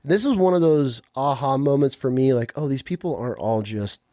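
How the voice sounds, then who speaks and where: A man hosting a podcast, telling stories in a relaxed, casual way with some swearing. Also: medium pitch, a little fast, no echo, clean studio sound. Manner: relaxed storytelling, swearing, acts out quoted voices. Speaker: podcast host. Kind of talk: casual interview chat.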